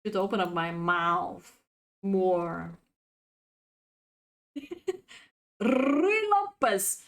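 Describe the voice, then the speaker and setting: Woman chess coach, native bulgarian speaker, slow unhurried delivery, fairly high voice, laughs a lot, live stream. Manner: chatty, laughs often, reads chat aloud.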